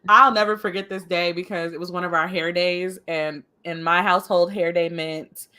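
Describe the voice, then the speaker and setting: A woman co-hosting a casual chat, sharing lively childhood anecdotes and laughing often. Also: lowish voice, normal speed. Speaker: co-host.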